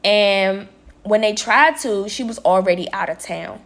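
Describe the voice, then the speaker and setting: A young woman vlogger telling a story in casual chat, talking straight to her viewers and quoting people in lively voices. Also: mid-range voice, measured pace. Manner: chatty, addresses viewers as y'all, quotes people with lively voices. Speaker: vlogger and nail tech.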